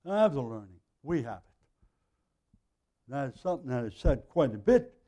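A middle-aged man teaching a Bible passage verse by verse in a conversational way, with frequent throat clearing and asides. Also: medium pitch, sing-song, normal speed, warm tone.

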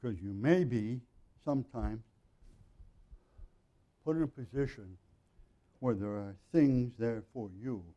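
A male pastor giving an earnest, conversational sermon, often clearing his throat. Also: medium pitch, takes it slowly, long pauses, mellow, dull audio. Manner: frequent throat clearing, earnest and plain-spoken.

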